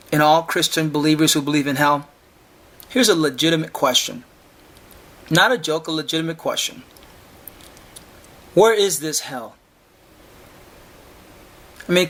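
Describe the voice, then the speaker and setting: A man's high, slightly bright voice carries this emphatic solo podcast rant. Repetitive and confrontational, he keeps asking rhetorical questions and tripping over words he says again and again.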